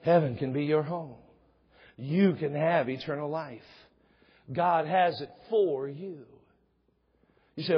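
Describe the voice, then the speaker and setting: Unhurried and leaving long pauses, a middle-aged man with a slightly rough voice preaches a sermon as pastor in a church sanctuary. He talks conversationally, voicing little dialogues with rising pitch. The recording is dull, with long hall reverb.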